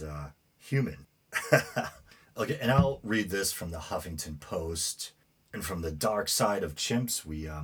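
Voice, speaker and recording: New England man, deep husky voice. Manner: rambling, hesitant with many fillers, indignant. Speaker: podcast host. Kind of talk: casual commentary reading news.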